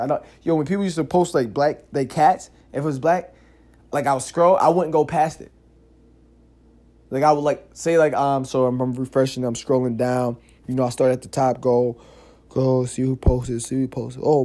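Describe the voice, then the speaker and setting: A man with a slightly higher voice talks through a casual solo podcast. He tells stories in loose, slangy street talk, swears often, and keeps saying "yo" and "like". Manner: animated, slangy storytelling with frequent "yo" and "like"; curses freely. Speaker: podcast host.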